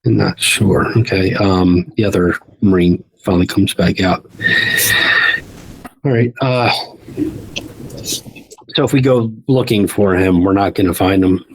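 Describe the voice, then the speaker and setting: A man narrating as game master of a tabletop game, halting and full of ums. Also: deep voice, slightly rough, low-quality recording.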